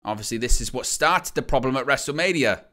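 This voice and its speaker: A man's voice: mid-range voice, brisk. A man hosting a live wrestling watch-along, calling the action with jokes and laughter. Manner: joking, excitable play-by-play with laughs.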